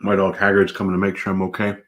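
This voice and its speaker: This low, monotone voice moves at a quick pace over faint background noise. It belongs to a thirtysomething policeman and vlogger talking casually at home, mouth full of donuts, in a laid-back eating-challenge vlog.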